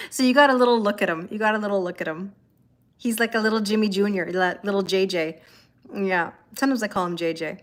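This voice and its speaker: A woman runs a brisk live tarot stream from her home, chatting casually with viewers as she reads their comments aloud and answers them. Now and then she coos to her cats in a high baby-talk voice.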